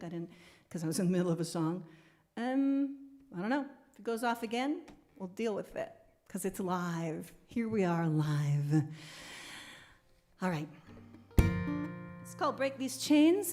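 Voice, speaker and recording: A woman's voice: lowish voice, warm tone. A woman hosting a live online concert, chatting casually and laughing easily as she reads viewer comments. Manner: chatty, laughs easily, talks fast when rambling. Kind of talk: live-stream chat between songs, reading viewer comments.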